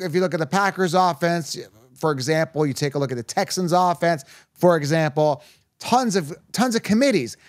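A man's voice: on the high side, no echo. Hyped-up male podcast host, dry sound. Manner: energetic, hyped-up, playful. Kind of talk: casual sports chat.

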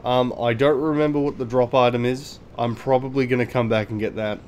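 A man's voice: medium pitch, steady tone, a little fast, darkish tone, a little hiss or hum. A man giving casual gameplay commentary, thinking aloud, explaining game mechanics and swearing freely. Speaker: gaming video host.

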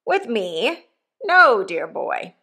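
A woman voicing a rough old male convict who talks in a loud, slow and emphatic way. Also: on the high side, very animated, full character voice. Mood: gruff.

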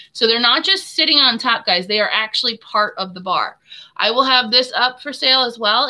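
A woman chats through a casual live stream as she shows her handmade soaps. Her voice is very bright and sharp and sits a little high. She talks to viewers in a friendly, familiar way and laughs often. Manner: chatty and friendly, addresses viewers as hon and my friend. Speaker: soap maker hosting a live giveaway.

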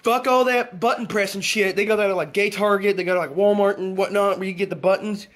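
A man's voice: high-pitched, steady tone, fast, a bit bright. An actor playing a rambling, conspiracy-minded man, talking in a preachy, stumbling comedy monologue. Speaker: comedy vlog character.

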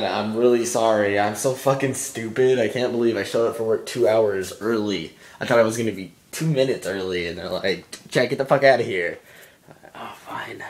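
A man's voice: fairly low pitch, a little mellow, reverberant. A young man who has just woken up, rambling and swearing through a casual video message to his girlfriend from his room. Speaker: vlogger. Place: room at home.

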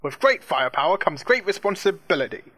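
Comic hero: smug adult man, cocky declarations, bright tone, read by a man. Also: high-pitched, very animated, a little fast, pitched above the performer's own voice, exaggerated voice. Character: smug male hero, loud and self-assured.

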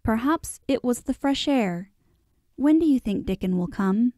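A woman's voice: a little high, lively intonation, a little slow, warm tone, no echo, clean studio sound. A woman voicing a lordly, imperious young boy. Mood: eager. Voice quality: haughty, lordly commands.

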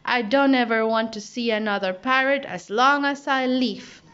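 A woman's voice: fairly high pitch, normal speed, fairly bright tone, clear, resonant tone, natural voice. A woman voicing a cautious, sensible male sea turtle in a storybook reading. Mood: earnest. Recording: dull lo-fi audio.

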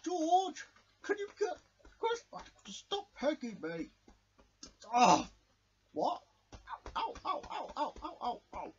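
A man's voice: extremely high pitch, huge pitch swings, takes it slowly, pauses often, lo-fi sound, pitched above the performer's own voice, full character voice. A man voicing a polite, easily scared male toy bear in a homemade toy show, whiny and pleading.

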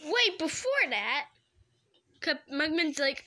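High, lively young girl gushing over pictures. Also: a little slow, a little hiss or hum. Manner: gushing, exclamatory, slangy. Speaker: youtuber reacting to fan art. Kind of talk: excited casual reaction.

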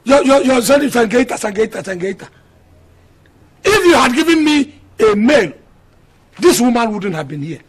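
A man plays a stern, exasperated, middle-aged Nigerian husband with several wives, lecturing them over their quarrels in the firm, scolding style of a film drama. His voice sits high for a man with a husky edge. The delivery is very animated and exaggerated, at a moderate pace with frequent pauses.

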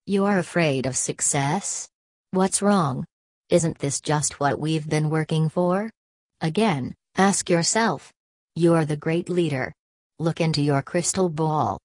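A woman reading a sarcastic, forceful male leader. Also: fairly high pitch, takes it slowly, no echo, clean studio sound. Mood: angry. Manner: biting, mocking sarcasm. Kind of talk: audiobook character reading.

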